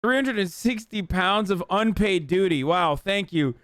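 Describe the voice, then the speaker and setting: A young man in casual reaction commentary, profane and incredulous, sneering at what he watches. His voice sits high and comes through smooth and resonant. The recording is close and dry, with no room sound. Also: expressive, unhurried, hardly any pauses, fairly bright tone, no room sound. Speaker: streamer reacting to a TV show.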